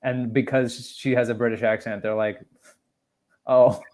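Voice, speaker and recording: A male podcast co-host with a mid-range voice. He chats casually and tells animated stories, swearing a lot as he goes. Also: medium pitch, moderate pace. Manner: profane, animated storytelling. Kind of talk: casual comedic chat.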